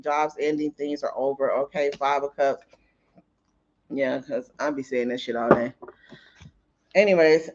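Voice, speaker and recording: A man with a slightly raised voice gives a casual tarot reading, swearing freely and laughing often. He drifts into stories from his own life between cards. The audio is dull and lo-fi. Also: a little high. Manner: profane and chatty, laughs often; tells anecdotes mid-reading. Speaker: tarot reader.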